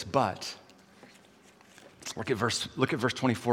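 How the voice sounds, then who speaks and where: Pastor, male, mid pitch, dynamic sermon delivery, hall echo. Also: measured pace, long pauses, slightly rough. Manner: dynamic, swings from loud to quiet.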